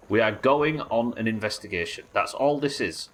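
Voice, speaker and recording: Here a New Zealand streamer, accent plain, gives live commentary on his game, musing over his plans and tossing out the odd swear while chatting with viewers. He speaks at normal speed in a low voice that lands bright and forceful.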